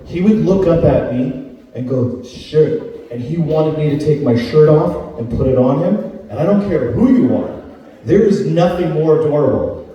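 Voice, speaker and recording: A man's voice: on the high side, lively intonation, normal speed, mellow, heavy reverb, big-room sound, far from the mic, highs cut off, a little hiss or hum. A man from Canada in his thirties doing a conversational stand-up comedy set, often tagging his lines with "right?". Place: comedy club stage.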